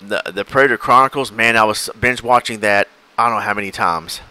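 A man's voice: fairly low pitch, brisk, pushed and bright. A man co-hosting a podcast in casual chat, enthusiastic and rambling as he recounts videos. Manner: enthusiastic, rambling, acts out clips. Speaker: podcast co-host.

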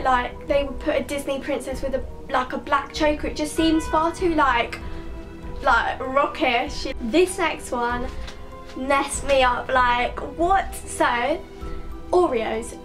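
A woman's voice: high-pitched, measured pace, fairly bright tone, faint music behind. A young woman chatting casually to camera as a vlogger, emphatic and full of "like". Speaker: YouTuber. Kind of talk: casual vlog chat.

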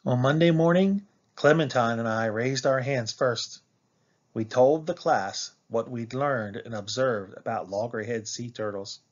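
A man reading a children's picture book aloud in a slow, expressive way, as a teacher for a class. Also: medium pitch, muffled recording.

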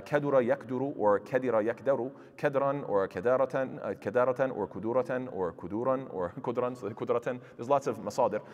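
Man, quick-paced Quran lecture, rhetorical questions, reverberant mosque hall. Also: medium pitch. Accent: recites Arabic verses in classical pronunciation. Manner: explains with rhetorical questions to the audience. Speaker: Quran teacher. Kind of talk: tafsir lecture.

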